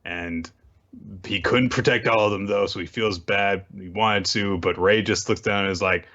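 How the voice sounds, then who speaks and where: A man's voice: on the low side, animated, normal speed, a bit bright. A man casually recapping manga chapters as a podcast co-host, with dry joking asides. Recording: dull lo-fi audio.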